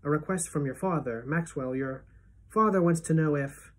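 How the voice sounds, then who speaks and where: A woman voicing a calm, formal middle-aged female principal, measured and reassuring, with a husky tone. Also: deep voice. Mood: grave.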